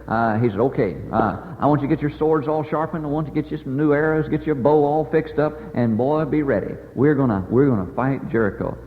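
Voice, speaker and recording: Male evangelist, brisk folksy storyteller, tinny sound with a long hall echo. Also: mid-range voice, slight background noise. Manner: animated, acts out characters with many "uh" and "boy" fillers. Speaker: evangelist preacher. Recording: tinny phone-like sound in a large reverberant hall.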